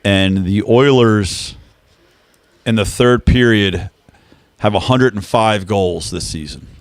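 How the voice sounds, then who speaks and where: A man's voice: lowish voice, slow pace, no room sound. A man co-hosting a live hockey watch-along in a studio, chatty and jokey as he reads out stats. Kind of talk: casual live chat. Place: team studio.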